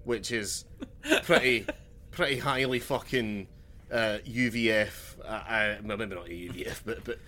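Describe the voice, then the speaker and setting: Bright-voiced of man. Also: lowish voice, measured pace. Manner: dry, sweary humour. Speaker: podcast co-host. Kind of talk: casual chat.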